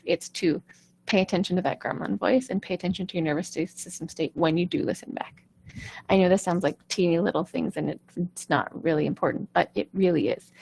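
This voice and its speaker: A woman's voice: fairly low pitch, gravelly, darkish tone. A woman singing coach giving an earnest, conversational talk in a live online session, often checking in with "right?".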